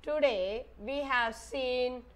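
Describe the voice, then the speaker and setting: Primary teacher, woman with an Indian English accent, high voice, slow and patient, spells each word for small children. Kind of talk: online maths lesson for young children.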